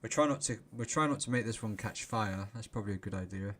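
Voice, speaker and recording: A man hosting a casual live stream, chatty and quick to laugh, greeting viewers by name. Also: lowish voice, a bit bright. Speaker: livestream host.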